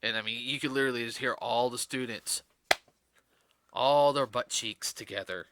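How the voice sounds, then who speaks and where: A man's voice: medium pitch, normal speed, fairly bright tone. A tired man chatting casually as a podcast guest host, rambling with lots of fillers and restarts.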